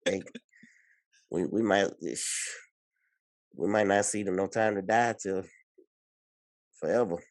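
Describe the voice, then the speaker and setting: A man co-hosting a podcast, chatting casually, excitable and rambling with many restarts. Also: sits low, slow pace, long pauses, no echo. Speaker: podcast co-host. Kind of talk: casual chat.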